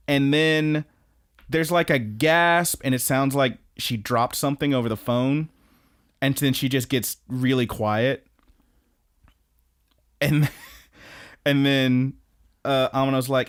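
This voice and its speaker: A man's voice: medium pitch, measured pace, pauses often, clean tone. Guy on a podcast retelling an episode, does the characters' voices, laughs a lot. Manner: animated recapping, acts out characters' lines, laughs often. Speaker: podcast co-host. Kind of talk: casual podcast chat.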